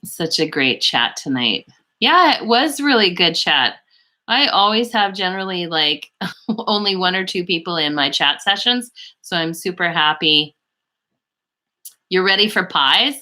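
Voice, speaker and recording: A woman's voice: on the low side, lively intonation, unhurried, bright, forceful tone. A woman hosting a beauty live stream, chatting casually and answering viewers' chat messages in a rambling, friendly way. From Canada.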